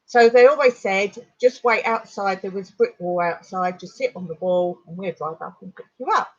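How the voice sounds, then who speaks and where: A woman from England recounts a personal memory on her livestream, rambling and animated as she goes. Her voice sits at an ordinary middle pitch. The sound is slightly dull and lo-fi. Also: normal speed. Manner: rambling, animated retelling with laughs. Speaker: vlogger on a livestream. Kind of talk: storytelling on a livestream.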